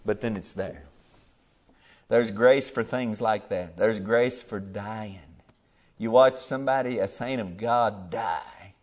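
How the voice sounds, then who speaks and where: A man's voice: fairly low pitch, slow pace, darkish tone. A man preaching a sermon, folksy and plain-spoken, rising to fervent emphasis and dropping to near whispers.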